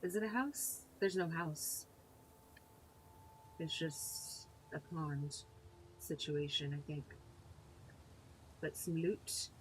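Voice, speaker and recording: A woman's voice: low voice, slow pace, long pauses, a little hiss or hum. A woman streaming a game, chatting casually with viewers and laughing easily as she plays. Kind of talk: casual gameplay commentary.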